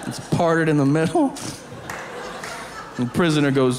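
Animated male stand-up comic on an echoey stage. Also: moderate pace, pauses often, a crowd in the background. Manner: animated, acts out squeaky voices of other people. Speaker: stand-up comedian. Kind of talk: stand-up comedy storytelling. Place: comedy stage before a live audience. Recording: echoey stage with audience noise.

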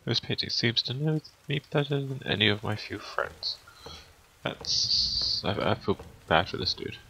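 A man's voice: mid-range voice, lively intonation, a little slow, vocal fry, sharp tone, a little hiss or hum, poor audio. A man hosting a let's play with a cold, chatting casually and reacting aloud as he plays. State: has a cold, creaky voice. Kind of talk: casual gameplay commentary.

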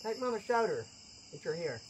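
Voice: medium pitch, sing-song, fast, slight background noise. Nervous ghost-hunting vlogger, night shoot outdoors, crickets faint behind, voice jumps up and down. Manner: nervous, repeats phrases, addresses viewers as guys. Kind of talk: casual vlog narration. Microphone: camera on a tripod.

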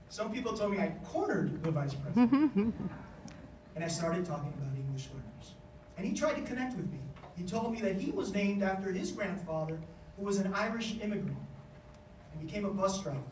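A man's voice: high-pitched, far from the mic, slight background noise. Man speaking animatedly in an echoey hall. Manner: animated storytelling, acts out quoted voices. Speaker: education official giving a speech. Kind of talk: conference speech. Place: conference hall.

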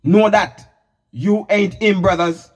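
A man's voice: high-pitched, slow pace, dull audio. A Jamaican man hosting a comic chat in patois, giving mock-preachy advice. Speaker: comedy host playing a pastor.

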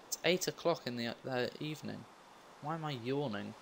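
A man's voice: mid-range voice, lively intonation, normal speed, vocal fry, a little hiss or hum. Rambling young man gaming. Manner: rambling, self-mocking asides. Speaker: let's play gamer. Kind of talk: casual gameplay commentary.

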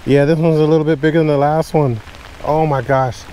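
A man's voice: a little high, brisk, a little hiss or hum. Chatty man fishing from a kayak in rain. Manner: chatty, talks straight to viewers, excited whenever a fish bites. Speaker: fishing vlogger. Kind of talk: casual on-the-water commentary. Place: outdoors on a kayak on a lake in pouring rain. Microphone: camera mounted on the kayak.

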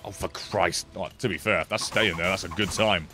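A young man commentating his own gameplay on a live stream, profane and animated, grumbling then yelling at the game. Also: deep voice, normal speed. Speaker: gaming streamer. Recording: game music behind voice.

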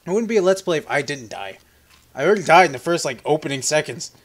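A young man provides fast, expressive let's-play commentary that's casual and profane. He jokes around, laughs often, and lets out high squeaky yelps when something startles him.

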